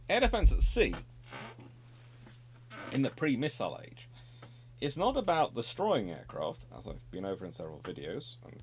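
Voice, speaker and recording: A middle-aged male history presenter talking through naval strategy without a script. His pitch sits in the ordinary male range but moves a great deal, and he pauses to correct himself and throw in dry, wry remarks. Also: a little hiss or hum. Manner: discursive, self-correcting, wry asides. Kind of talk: unscripted explanatory monologue.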